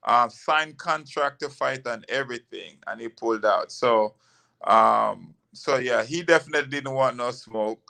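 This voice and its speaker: A man who is a former boxer, a guest on an interview show, telling stories in a relaxed, rambling way full of fillers. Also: medium pitch, normal speed, vocal fry. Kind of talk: casual interview chat.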